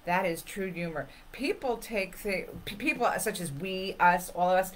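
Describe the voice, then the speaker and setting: A woman's voice: fairly low pitch, normal speed, slight background noise, low-quality recording. A middle-aged woman co-hosting a casual chat, telling funny stories animatedly and acting out the people she quotes.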